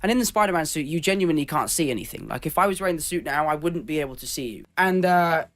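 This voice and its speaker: A young English man in his twenties, an actor chatting in an interview and telling anecdotes with lively acted-out quotes. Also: fairly high pitch, quick pace. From England. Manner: animated anecdotes, acts out quoted voices. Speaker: actor guest. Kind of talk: casual interview chat.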